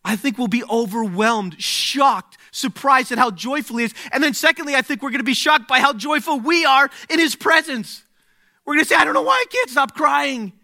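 A man preaching a sermon, speaking slowly and deliberately, dropping to a hush and then rising to exclaim. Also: extremely high pitch, lively intonation. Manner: slow, deliberate, swings from hushed to exclaiming.

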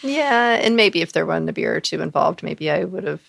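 A woman co-hosting a podcast, recounting a personal story with lots of fillers. Her voice sits low with a gravelly fry. She acts out the voices of others as she talks. The sound is close and dry. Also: brisk, no room sound. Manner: animated, acts out quoted voices, frequent fillers. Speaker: podcast co-host.

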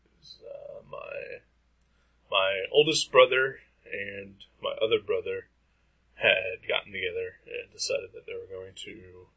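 A man with a nasal, stuffy-nosed voice co-hosting a casual podcast chat, rambling with lots of pauses and fillers. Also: low voice, fairly even intonation, slightly rough, phone-quality sound. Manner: rambling, hesitant with frequent fillers. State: stuffy nose. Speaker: podcast co-host.

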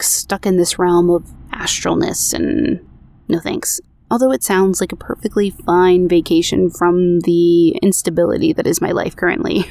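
A woman's voice: fairly low pitch, a little mellow. A woman podcast host reading listener ghost stories aloud from her recording booth, adding conversational, self-deprecating comments of her own.

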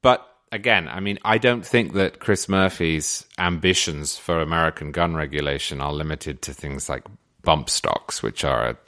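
Speaking in English received pronunciation, this male podcast guest commentator puts his case across with articulate emphasis. He has an extremely low, sharp-toned voice delivered at a normal speed.

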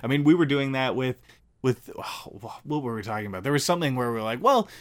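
A man co-hosting a casual film review chat, explaining his points in a measured, thoughtful way. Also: mid-range voice. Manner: measured, thoughtful, with agreeing fillers.

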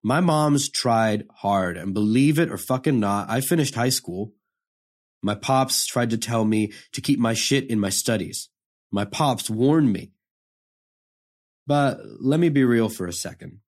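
A man's voice: medium pitch, unhurried, lightly acted. An actor playing a hardened young male prisoner, delivering a profane, confrontational dramatic monologue. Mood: bitter. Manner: profane, confrontational street talk.

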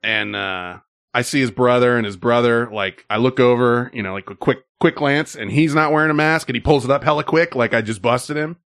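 Male host, casual rambler, mid-pitch, dry recording. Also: fairly quick, fairly bright tone, dry recording. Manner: rambling storyteller, many fillers. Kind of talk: casual chat.

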